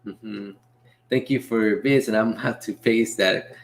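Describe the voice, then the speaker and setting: A young man hosting a casual livestream Q&A, reading chat messages aloud and answering in a relaxed way with frequent laughs. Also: fairly low pitch, measured pace. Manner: laid-back, reads chat aloud, laughs often. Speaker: livestream host and delivery driver.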